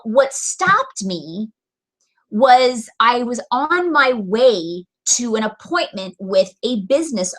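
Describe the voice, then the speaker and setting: Bright-voiced woman telling a motivational story. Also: fairly high pitch, rough recording. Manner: animated storyteller, acts out quoted voices. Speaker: direct sales business owner.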